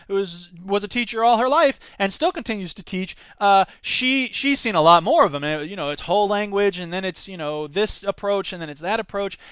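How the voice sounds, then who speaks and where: A man's voice: high voice, a bit bright, clean tone, dry recording. A man in his thirties hosting a podcast, reading quotes aloud and reacting to them with emphatic, opinionated commentary on education. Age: 30s. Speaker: podcast host and teacher.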